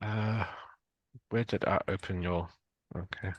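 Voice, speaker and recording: A man from South Africa hosting an online journal club. He introduces the speaker in a relaxed, chatty way and fumbles a little. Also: low-pitched, takes it slowly, husky, dry recording, poor audio. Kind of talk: casual introduction. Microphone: video call.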